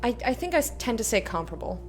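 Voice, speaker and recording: A woman's voice: fairly high pitch, sing-song, racing, faint music behind. Chatty woman rambling over gameplay. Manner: rambling, chatty, self-mocking. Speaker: let's play streamer. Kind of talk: casual gameplay commentary.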